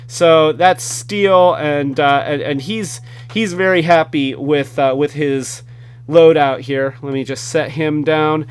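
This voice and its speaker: A man's voice: fairly high pitch, steady tone, slow, clear, resonant tone. A man hosting a casual hands-on toy review, enthusiastic and rambling. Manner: enthusiastic, rambling with fillers and restarts.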